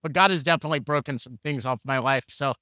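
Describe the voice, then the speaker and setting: A man's voice: mid-range voice, quick pace, sharp tone, no room sound, studio quality. A man preaching a conversational sermon, telling candid, jokey stories and acting out the dialogue. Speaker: pastor.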